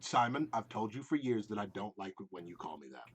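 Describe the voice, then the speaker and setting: A man's voice: lowish voice, big pitch swings, fast, husky, voice pushed down. A man voicing a polite, fussy male companion who sounds apologetic and put-upon. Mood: exasperated.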